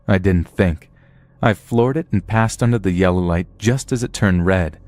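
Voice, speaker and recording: A man's voice: sits low, normal speed, a little mellow, no echo. A man narrating a true horror story in a blunt, profane telling.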